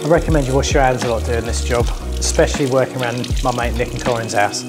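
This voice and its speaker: Chatty plumber over music. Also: male voice, mid-range voice, fast. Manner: chatty, joking asides to camera. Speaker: plumber presenting a how-to. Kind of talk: casual on-the-job tutorial. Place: customer's bathroom, indoors. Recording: music playing under the voice.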